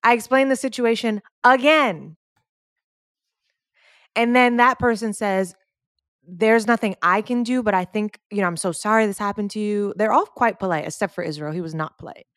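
A woman co-hosting a podcast, telling a long story in casual chat, acting out the people she quotes in a lower voice and getting louder when exasperated. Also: moderate pace, dry recording, clean studio sound. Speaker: podcast co-host.

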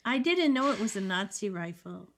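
Older woman, casual co-host, steady explainer. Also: medium pitch, normal speed. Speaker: co-host discussing a war film. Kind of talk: casual chat.

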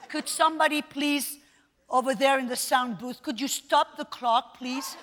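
A woman's voice: high voice, measured pace, a bit bright, big-room sound, slight background noise. A woman Bible teacher preaching a sermon at a live event. She speaks emphatically and repeats her phrases with rising force. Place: large hall at a live event.

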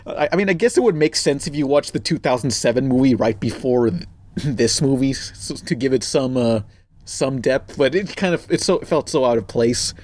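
A man's voice: medium pitch, animated, normal speed, a little mellow. A young man casually reviewing a movie with a friend, rambling, laughing often and swearing freely. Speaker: podcast co-host.

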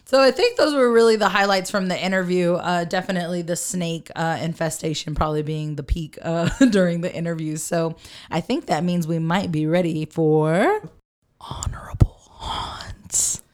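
A woman co-hosting a podcast in casual chat, giggling and retelling scenes with quick acted quotes. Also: fairly low pitch, steady tone. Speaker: podcast co-host.

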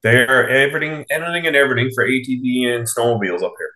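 A man's voice: mid-range voice, rapid-fire, a crowd in the background. A man co-hosting a podcast, emphatically pressing a recommendation. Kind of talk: casual podcast chat. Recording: roomy echo.

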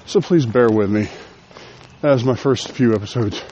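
Lo-fi audio with a little hiss or hum captures a man's mid-range, dark-toned voice at normal speed. He's a podcast host doing a chatty, self-deprecating solo show outdoors, a bit out of breath from walking.

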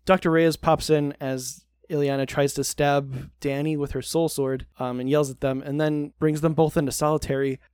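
A man's voice: a little high, flat delivery, moderate pace, few pauses, a little mellow, clear, resonant tone, no room sound, clean studio sound. A man co-hosting a podcast, recapping a TV show in casual, sarcastic chat and swearing freely.

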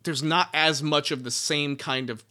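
Podcast co-host, male, bright and a little high, chatty, rambling, restarts. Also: steady tone, moderate pace. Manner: rambling, laughing, lots of restarts. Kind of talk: casual book-discussion podcast.

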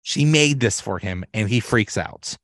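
Man with a low voice rambling on a podcast. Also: expressive, unhurried, fairly bright tone, no room sound, studio quality. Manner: rambling, many restarts and fillers, laughs often. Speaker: podcast host. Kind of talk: casual solo podcast recap.

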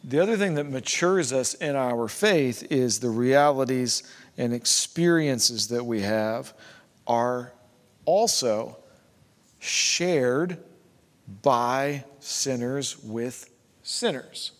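A man's voice: mid-range voice, slow pace. A man preaching a sermon as pastor, conversational, with rhetorical questions and asides to his congregation. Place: church sanctuary. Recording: long hall reverb.

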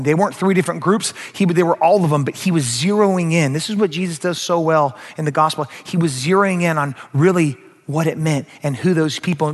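Animated pastor preaching in an echoing hall. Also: male voice, a little high. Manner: animated, acts out quoted voices, addresses the crowd directly. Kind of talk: sermon. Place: church sanctuary. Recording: long reverb of a large hall.

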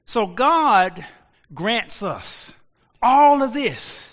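High, animated preaching man. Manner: preaching with rising shouts and drawn-out pauses. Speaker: pastor. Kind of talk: sermon. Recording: lo-fi audio with long reverb.

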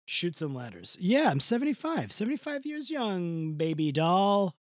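A man's voice: high-pitched, huge pitch swings, normal speed, no room sound, clean studio sound, pitched above the performer's own voice. A man improvising as a bawdy seventy-five-year-old woman in a comedy podcast bit, rambling and crude. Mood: bawdy gossip. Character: bawdy elderly woman playing a famous ex-wife, gossipy, crude.

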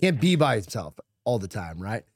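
A man's voice: on the low side, very animated, moderate pace, noisy background. A middle-aged man co-hosting a podcast, joking around in casual chat and swearing a lot. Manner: crude, joking, profane. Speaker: podcast co-host.

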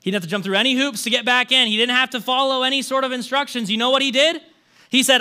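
A man preaching a conversational sermon as pastor, telling the story in an animated way with rhetorical questions and a frequent casual "like". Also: extremely high pitch, quick pace.

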